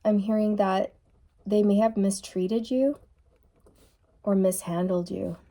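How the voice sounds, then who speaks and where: A woman giving a channeled tarot reading to her viewers, musing softly and repeating key phrases. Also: medium pitch, fairly even intonation, takes it slowly. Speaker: tarot reader.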